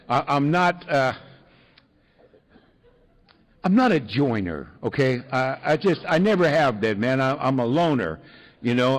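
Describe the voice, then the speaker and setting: A man in the middle of a talk, spinning a personal story with wry, self-mocking humor. He sits at an average pitch, with frequent ums and chuckles along the way. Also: rough recording. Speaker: speaker sharing a recovery story. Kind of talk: storytelling to an audience.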